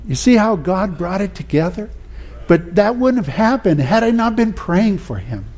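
A man preaches a sermon, sharing personal stories in a folksy manner with many "you know"s and frequent restarts. His voice sits high and is very animated, a little mellow, at a normal speed.

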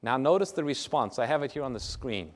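In a church or lecture hall with a screen, a man preaches a sermon, reading scripture aloud and explaining it. His mid-range voice is expressive and fairly quick, and he poses rhetorical questions to his listeners.

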